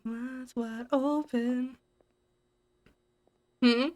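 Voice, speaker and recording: A woman's voice: high voice, steady tone, very slow, a little mellow. A woman streamer chatting casually to her audience while gaming, giggling and rambling. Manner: giggly, rambling, restarts sentences.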